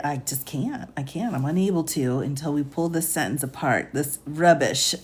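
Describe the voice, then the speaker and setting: Woman, attorney, slow unhurried delivery, lower voice, live-stream commentary, incredulous, sighing, rereads lines. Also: wildly swooping pitch, darkish tone, slightly rough. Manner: incredulous, interrupts her reading with sighs and "what?"; breaks long sentences apart and rereads them aloud. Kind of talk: live-stream reading and commentary on a court filing.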